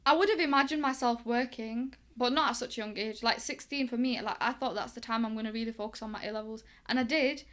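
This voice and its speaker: Chatty young Englishwoman, slightly high. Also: fast, hardly any pauses. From England. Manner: chatty, lively, acts out quoted dialogue. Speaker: guest, boxing coach. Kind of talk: casual storytelling interview.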